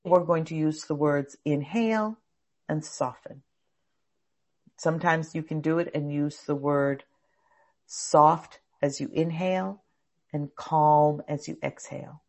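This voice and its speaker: Low, gravelly woman teaching a class. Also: slow pace. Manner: explanatory, acts out anxious inner thoughts. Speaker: anxiety technique teacher.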